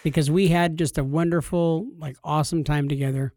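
Male podcast co-host, high-pitched, playful joking delivery. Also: steady tone, brisk, a little mellow, no echo, clean studio sound. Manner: jokey, laughing banter. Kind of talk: casual podcast chat.

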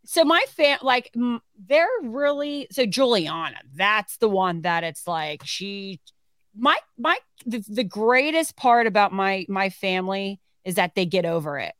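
A woman's voice: mid-range voice, animated, a little slow, a bit bright, dry recording, clean studio sound. A woman co-hosting a podcast in casual chat, rambling with many restarts. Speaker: podcast co-host.

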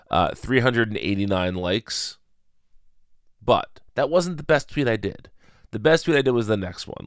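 A man's voice: fairly low pitch, smooth, no room sound, clean studio sound. A man hosting a casual solo podcast, rambling and correcting himself with a chuckle. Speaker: podcast host.

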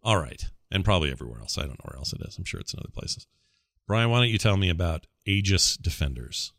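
Low, forceful man in casual chat. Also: very animated, quick pace, no room sound, studio quality. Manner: rambling, with fillers and self-corrections. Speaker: podcast co-host.

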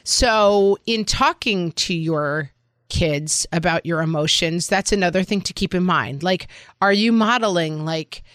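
A woman's voice: lowish voice, a little slow, fairly bright tone, dry recording, clean studio sound. A middle-aged woman co-hosting a parenting podcast, talking frankly with joking asides. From Irish Catholic family background. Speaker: podcast co-host. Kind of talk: casual podcast chat.

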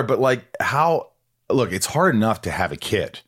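A man's voice: lowish voice, sing-song, moderate pace, a bit bright, husky. A middle-aged man hosting a podcast, asking rambling questions and swearing loosely in casual chat. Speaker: podcast host.

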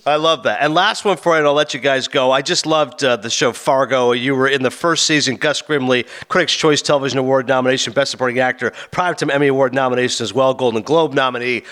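A man's voice: mid-range voice, fairly even intonation, fast, few pauses, fairly bright tone. A male interviewer effusively praising his guests and rattling off their credits. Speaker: interviewer host.

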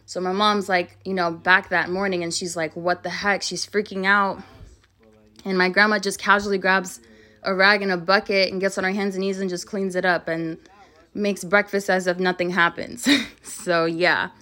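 A woman's voice: mid-range voice, little pitch movement, normal speed, bright, forceful tone. Woman telling a creepy family story. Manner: rambling, many "like"s, quoting family members. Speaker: guest storyteller. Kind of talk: casual ghost story telling.

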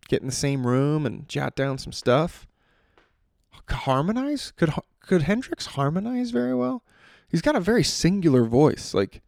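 Male podcast host, loose profane monologue, gravelly fry, dry sound. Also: mid-range voice, a little mellow, no room sound. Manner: rambling, profane, self-interrupting. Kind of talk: casual solo podcast monologue.

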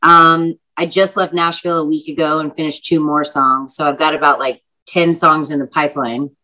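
A woman's voice: deep voice, steady tone, normal speed, sharp tone, low-quality recording. A young woman, an actress and singer, telling stories in a casual chatty interview, full of fillers and vivid retelling.

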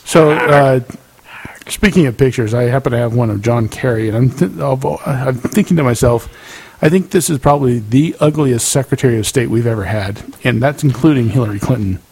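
A man with a gravelly, somewhat husky voice, co-hosting a podcast in casual chat. He teases and needles with dry sarcasm. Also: mid-range voice, a little fast, a little mellow, low-quality recording. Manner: sarcastic, teasing. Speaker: podcast co-host.

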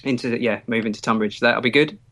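A man's voice: medium pitch, steady tone, quick pace, a bit bright. Man, podcast host, easygoing chatter, self-deprecating, a bit sore-throated. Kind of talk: casual chat.

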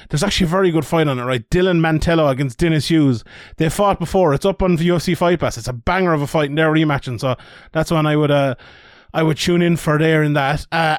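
A man's voice: on the high side, no echo, clean studio sound. A man hosting a casual combat-sports podcast, chatty, laughing easily and swearing casually. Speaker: podcast host. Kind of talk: casual chat.

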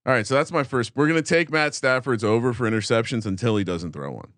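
A man's voice: mid-range voice, quick pace, fairly bright tone, dry recording, studio quality. A middle-aged man co-hosting a sports betting podcast, with wry, teasing banter. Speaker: podcast co-host.

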